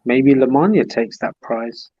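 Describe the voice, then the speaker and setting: A man's voice: medium pitch, expressive, unhurried, warm tone, no echo, lo-fi sound. A man hosting a livestream on a video call, chatting at length and reminiscing in detail. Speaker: livestream host. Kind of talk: casual chat.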